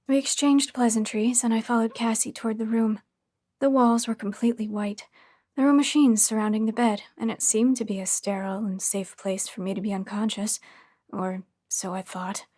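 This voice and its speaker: A woman reading a first-person horror story in a hushed, tense storytelling manner. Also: a little high, steady tone, normal speed, dry recording, clean studio sound. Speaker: narrator.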